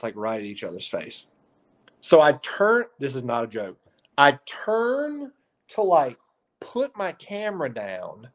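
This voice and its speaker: A man at the middle of the usual pitch range for men, spinning a story in a loose, chatty way. He is a sports reporter who jumps into other people's voices to act out their lines, and his delivery keeps climbing into lively bursts. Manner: animated storyteller, acts out quotes. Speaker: local TV sports reporter, guest. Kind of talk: casual podcast storytelling.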